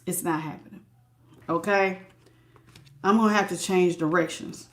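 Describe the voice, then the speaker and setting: A woman's voice: fairly low pitch, steady tone, normal speed. A woman giving a live tarot reading, chatty and emphatic, greeting viewers by name and repeating words for stress. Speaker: tarot reader.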